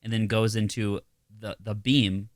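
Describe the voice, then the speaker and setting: A man's voice: on the low side, level tone, a little slow, dry recording, studio quality. A man co-hosting a podcast, telling a rambling comedic story in casual chat, full of fillers and acted-out voices. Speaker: podcast co-host.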